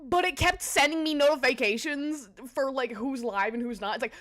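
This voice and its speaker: A woman's voice: sits high, normal speed, few pauses, fairly bright tone. A woman streamer in casual, giggly chat, greeting her viewers by name.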